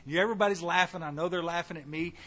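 A middle-aged man, giving a folksy personal testimony to a recovery meeting, with asides to the audience and bursts of animated volume. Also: fairly high pitch, racing. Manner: shifts between quiet and loud animated bursts.

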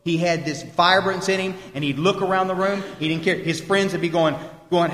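High-voiced folksy man in echoey hall. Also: steady tone, fairly quick, fairly bright tone. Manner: folksy, emphatic, quotes people in voices. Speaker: recovery meeting speaker. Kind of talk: recovery talk to a meeting. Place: meeting room. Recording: echoey hall, live talk recording.

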